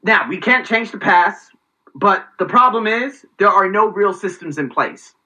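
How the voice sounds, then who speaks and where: A man's voice: high-pitched, animated, a little slow, sharp tone, lo-fi sound. A man delivering a heated, profane, sarcastic vlog rant. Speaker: vlogger. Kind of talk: ranting vlog commentary.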